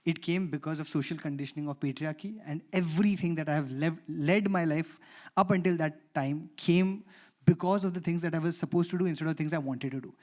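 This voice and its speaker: Indian English man, panel speaker, a bit high-pitched, animated storyteller who acts out the conversations in his story. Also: brisk. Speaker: conference panelist. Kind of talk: personal storytelling talk. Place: conference panel stage.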